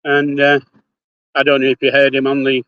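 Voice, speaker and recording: Blunt Yorkshire grandad on a phone livestream. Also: male voice, mid-range voice, completely flat delivery, moderate pace, no room sound, muffled recording. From Yorkshire, England. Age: older. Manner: blunt, swears casually, speaks before thinking. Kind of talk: casual live-stream chat. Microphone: phone held in hand.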